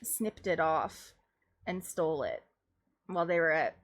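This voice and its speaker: Animated, rambling woman streamer. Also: low-pitched, a little slow. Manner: rambling and animated, laughing often. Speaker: livestream host. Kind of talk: casual chat.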